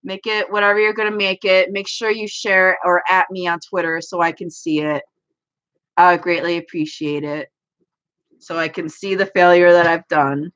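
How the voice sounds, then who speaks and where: A woman's voice: fairly low pitch, little pitch movement, moderate pace, a bit bright. A young woman chatting casually on a livestream from home. She talks in a rambling, self-deprecating way as an anime YouTuber. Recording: dull lo-fi stream audio.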